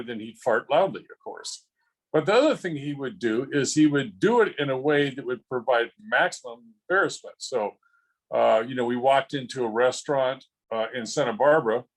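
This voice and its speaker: A man's voice: medium pitch, poor audio. A man telling funny stories at a memorial over a video call, rambling and chuckling with frequent restarts. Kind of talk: casual storytelling.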